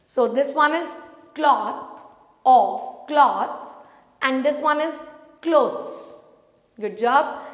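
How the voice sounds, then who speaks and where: A woman teaching pronunciation, patiently repeating each word for learners to echo. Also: sits high. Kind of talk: slow, drilled pronunciation lesson. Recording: echoey room with long reverb.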